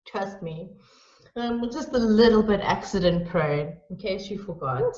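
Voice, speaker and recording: A woman hosting a casual chat, talking in a halting, reflective way with many fillers. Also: medium pitch, lively intonation, darkish tone, roomy sound, highs cut off. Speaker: host.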